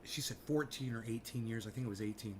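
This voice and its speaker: A man chatting casually with his audience, telling stories in an animated way with a lot of swearing and joking asides. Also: medium pitch, fast, a little hiss or hum. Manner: animated storytelling, frequent swearing, jokey mock-advert asides. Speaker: streamer. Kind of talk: casual rambling chat.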